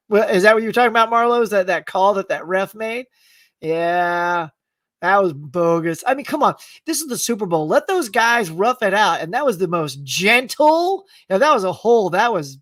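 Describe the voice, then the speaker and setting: Animated high-voiced man rambling to chat. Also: dry recording, recorded from a distance. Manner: rambling, animated, laughs often. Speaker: live-stream host answering chat. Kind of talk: casual chat.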